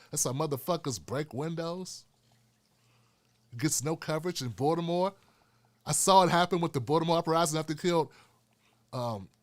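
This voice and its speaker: A male host giving an animated, profane political commentary rant. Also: fairly high pitch, dry recording.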